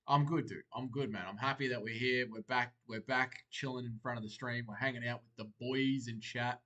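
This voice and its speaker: A young man hosting a livestream, reading viewers' comments aloud and answering them in a relaxed, chatty way. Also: mid-range voice, fairly quick. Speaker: livestream host. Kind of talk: casual chat reacting to live chat.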